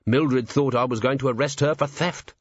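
A man's voice: mid-range voice, steady tone, moderate pace, dry recording, lo-fi sound, pitched above the performer's own voice, close to an everyday voice. A man voicing a grim, angry male watch commander in an audiobook, talking in clipped, barely controlled bursts. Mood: furious.

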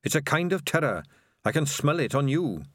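A man voicing a troubled, thoughtful young male rat who talks quietly, bitterly and haltingly. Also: fairly high pitch, big pitch swings, dry recording, clean studio sound, voice pushed up. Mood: brooding.

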